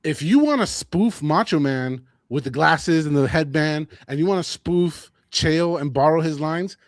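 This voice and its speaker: A man co-hosting a combat sports podcast, talking in a casual, animated and opinionated way, often repeating his phrases. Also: fairly high pitch, unhurried, dry recording, studio quality. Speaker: podcast co-host.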